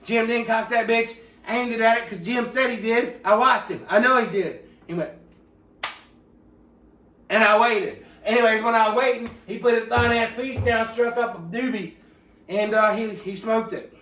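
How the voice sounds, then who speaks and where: High-voiced guy rambling a crude deadpan story, sounds far off the mic. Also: moderate pace. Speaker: comedic storyteller in character. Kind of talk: rambling comedic monologue. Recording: echoey room, distant from mic.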